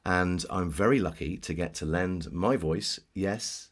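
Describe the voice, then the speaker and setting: Voice actor guy chatting shop from his home studio, low husky voice. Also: measured pace. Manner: chatty and eager to switch into accents. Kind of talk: casual chat about voice acting.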